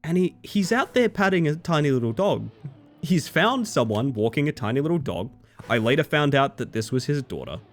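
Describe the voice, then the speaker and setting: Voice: mid-range voice, very animated, moderate pace, soft background music. A streamer chatting casually and telling a rambling personal story to their live viewers, with lots of fillers.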